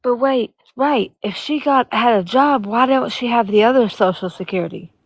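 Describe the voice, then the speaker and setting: A woman's voice: a little high, moderate pace, no room sound. A woman co-hosting a casual live commentary stream, chatty and plainspoken. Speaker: co-host.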